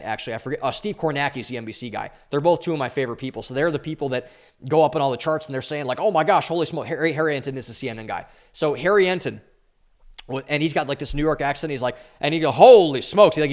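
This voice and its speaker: A young adult man hosts his own podcast, delivering a solo commentary monologue in a mid-range voice. He speaks emphatically and with opinionated energy, stretching out the words he stresses.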